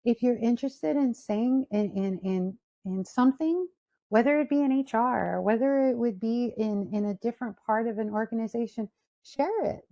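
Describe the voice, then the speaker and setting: Woman, career talk, storytelling, acted-out quotes, warm tone, muffled call audio. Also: a little high, moderate pace. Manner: storytelling, animated quoted voices. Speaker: speaker. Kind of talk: career talk to an online audience.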